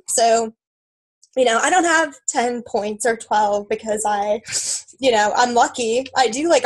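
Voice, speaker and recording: A woman with a voice on the high side tells her own story casually and emotionally, tearing up at times, with plenty of fillers and quoted self-talk. She's a team member sharing her experience, in a low-quality recording.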